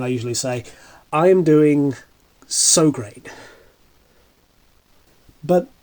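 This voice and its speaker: A man's voice: on the high side, a little mellow. A man acting as a bitter, washed-up male horse celebrity, talking in a sardonic, rambling way with stammering asides. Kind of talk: comedic dramatic monologue.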